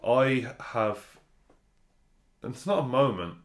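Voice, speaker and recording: A man's voice: mid-range voice, expressive, slow. A man in a casual podcast chat, telling stories in a dry, sweary way. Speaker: podcast co-host.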